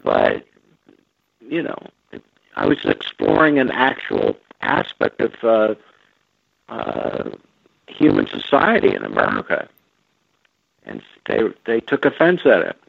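A man, a guest on an interview show, recalling stories slowly with many fillers and restarts. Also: mid-range voice, wildly swooping pitch, creaky, slightly rough, no echo. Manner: slow, halting, with frequent fillers and restarts. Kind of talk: relaxed storytelling over a phone line. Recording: tinny phone line, dry.

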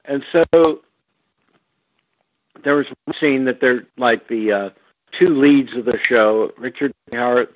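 A man talks slowly and haltingly, stopping often to restart his thoughts. His voice comes through a tinny phone connection with no room sound at all. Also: medium pitch, dry recording. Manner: slow, halting, with frequent fillers and restarts. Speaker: guest. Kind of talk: relaxed storytelling over a phone line. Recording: tinny phone line, dry.

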